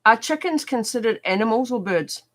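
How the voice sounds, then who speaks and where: A woman's voice: on the high side, animated, brisk. A woman reading silly online comments aloud on a comedy livestream, giggly and playful. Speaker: comment reader.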